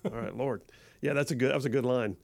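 Gravelly-voiced male radio talk host. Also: medium pitch, quick pace, no room sound. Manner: animated, quotes movie lines with gusto. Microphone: studio microphone.

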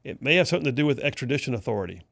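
Man, radio talk host, gravelly voice, dry studio sound, folksy sarcastic delivery. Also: mid-range voice, expressive, rapid-fire, a bit bright, no room sound. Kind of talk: conservative political talk radio.

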